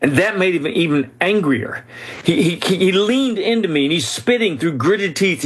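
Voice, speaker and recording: A man's voice: high-pitched, animated, moderate pace, slightly rough. A man telling a story as a guest in an interview, speaking earnestly and with animation, often restarting his sentences. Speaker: author and guest.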